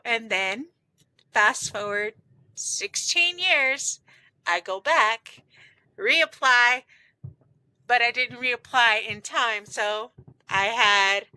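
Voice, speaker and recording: A woman's voice: medium pitch, bright, forceful tone, smooth, rough recording. A woman co-hosting a podcast, telling a story in casual chat and laughing often. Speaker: podcast co-host.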